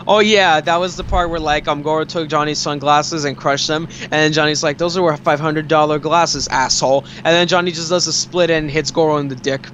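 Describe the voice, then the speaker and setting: A man's voice: fairly high pitch, fairly even intonation, a little fast, few pauses, fairly bright tone, dull audio, a little hiss or hum. A young man hosting a gaming video, rambling casually as he retells movie scenes. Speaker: let's play host. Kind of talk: casual gameplay commentary.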